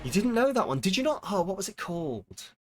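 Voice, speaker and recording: A man's voice: sits high, sing-song, fairly quick. A young man streaming a game and ranting sarcastically in casual chat. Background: game music.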